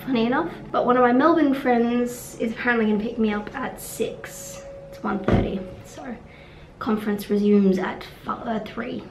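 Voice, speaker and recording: Young woman vlogger, rambling and blunt, slightly high voice, echoey room. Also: fairly even intonation, normal speed, a little hiss or hum. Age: young adult. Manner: rambling, frank, swears, trails off. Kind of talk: casual vlog monologue. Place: room at a conference venue.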